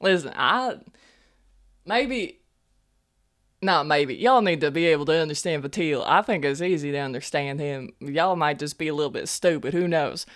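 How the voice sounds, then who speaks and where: A woman's voice: low-pitched, normal speed, natural voice. A woman playing a young half-elf army medic in a tabletop role-play, talking in a folksy drawl full of "y'all" and "ain't". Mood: sassy.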